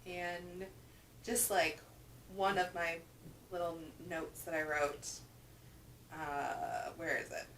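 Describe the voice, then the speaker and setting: A woman chats about what she has been reading in a loose, emphatic way, leaning on repeated words for stress. Her voice sits slightly low. She is picked up from some distance by a camera mic in an echoey room with a faint hum. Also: fairly even intonation, slow pace, pauses often, a bit bright. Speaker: book reviewer. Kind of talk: casual reading wrap-up chat. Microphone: camera microphone.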